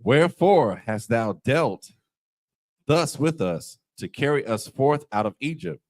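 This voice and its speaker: A man reads scripture aloud in class, slow and halting, with a lively rise and fall in his pitch. His voice sounds dry and close. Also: no echo. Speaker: student reading scripture aloud.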